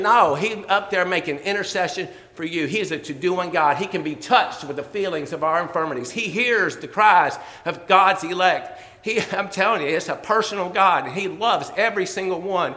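A man preaching in a church, his voice sitting fairly high and ringing bright. He speaks with fervor, repeating his key phrases and chuckling between points. The sound carries a long hall reverb. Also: moderate pace. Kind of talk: sermon.

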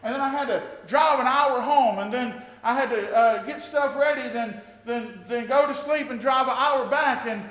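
A man preaching a sermon to his congregation, impassioned and often rising to shouted exclamations. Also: extremely high pitch, normal speed, few pauses. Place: church sanctuary with a congregation. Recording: echoey hall with long reverb.

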